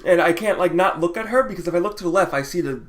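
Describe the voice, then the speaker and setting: A male vlogger with a slightly raised pitch, spinning a loose, rambling story. He talks casually and swears freely, breaking into laughter often. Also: quick pace.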